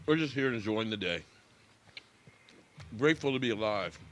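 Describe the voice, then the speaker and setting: A man's voice: fairly low pitch, animated, moderate pace, a bit bright, slight background noise. Chatty American man hosting a sports stream. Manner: chatty, greets viewers by name, talks while eating. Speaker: sports live stream host. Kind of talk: casual live reaction chat.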